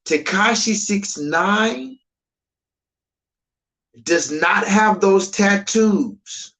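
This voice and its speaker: A man's voice: high voice, fairly bright tone, rough recording. Emphatic ranting male streamer. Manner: emphatic, repetitive, swears freely. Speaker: live streamer. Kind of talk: ranting live-stream commentary.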